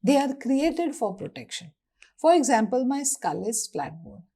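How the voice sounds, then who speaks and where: A woman with an Indian English accent lectures on anatomy in a classroom, her voice high-pitched, a little slow, and edged with breathiness. She's lively and poses questions only to answer them herself.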